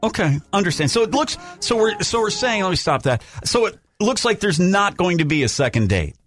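A man's voice: high voice, sing-song, a little fast, a bit bright, dry recording, clean studio sound, faint music behind. A man hosting a radio show, interjecting often and soothing his callers. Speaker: radio host. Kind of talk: morning radio banter. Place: radio studio. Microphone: studio mic.

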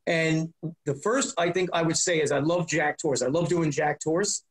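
A man's voice: on the high side, normal speed, poor audio. A man, a comedian known for prank calls, talking as a guest in a casual interview, rambling with lots of restarts and repeated words.

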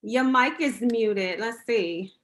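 Bright-voiced woman hosting, bubbly. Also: a little high, slow. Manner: bubbly, laughs often. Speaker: host. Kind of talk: casual interview chat.

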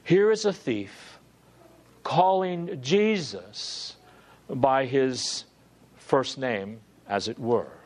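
A man's voice: mid-range voice, lively intonation, drawn-out words. A male preacher giving an earnest, emphatic sermon and asking his listeners rhetorical questions.

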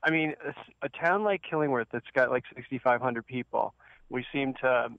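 A man's voice: medium pitch, a little fast, creaky, no echo. A man calling in to a radio show, asking a question hesitantly with frequent restarts. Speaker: radio caller. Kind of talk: phone-in question. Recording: dull lo-fi phone line.

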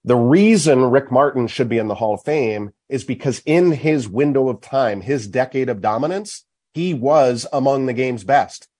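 A man's voice: medium pitch, lively intonation, moderate pace, few pauses, darkish tone. A man hosting sports talk at a golf charity event, making an emphatic case point by point. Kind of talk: opinionated hockey talk.

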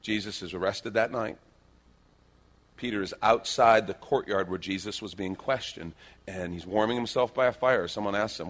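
A middle-aged male pastor preaching a sermon, telling stories with lively changes between loud acted-out lines and hushed quiet moments. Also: on the low side, normal speed. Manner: animated storytelling, acting out quoted lines, dropping to hushed tones.

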